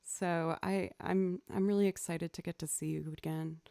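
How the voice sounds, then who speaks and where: A woman's voice: on the low side, fairly even intonation, normal speed, gravelly, mellow, dry recording, studio quality. A young woman streaming live, chatting casually with viewers, greeting them by name and laughing often. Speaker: streamer and musician.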